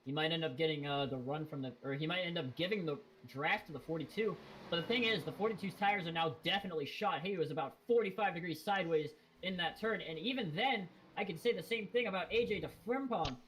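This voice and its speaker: A male sim racing commentator with a fairly high-pitched voice. He talks casually, rambling with fillers and self-corrections. A faint hiss sits behind his voice. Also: quick pace, fairly bright tone, poor audio. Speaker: race commentator.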